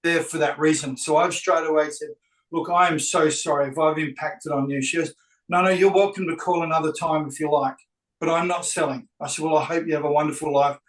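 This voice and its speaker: A man with a fairly high voice recounts a story with lively energy, acting out each side of the conversation. He sounds a little distant from the microphone in an echoey room. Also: brisk. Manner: animated, acts out both sides of dialogue. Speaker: real estate agent telling a story. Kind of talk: anecdotal storytelling.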